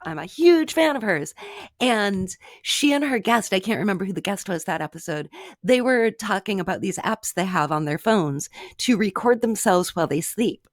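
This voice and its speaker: A woman's voice: mid-range voice, animated, moderate pace, dry recording. Giggly woman podcast co-host, dry sound. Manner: giggly, self-amused storytelling. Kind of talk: casual chat.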